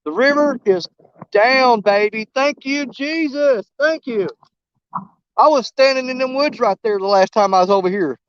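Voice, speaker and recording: A man, talking straight to his viewers in a casual outdoor fishing vlog, excitable and emotional, recorded on a camera mic muffled against the wind on a river bank. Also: high voice, moderate pace, smooth, dry recording. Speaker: fishing vlogger.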